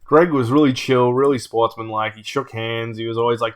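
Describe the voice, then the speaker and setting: A man, a tabletop channel host telling a story casually, with animated, laughing asides. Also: medium pitch, a little fast, few pauses.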